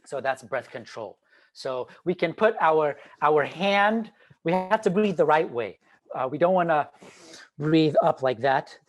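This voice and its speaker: A man giving an online talk on teaching, animated and demonstrative, swinging between loud and quiet. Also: on the high side, a little slow. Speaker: teacher trainer. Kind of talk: online presentation. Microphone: video call.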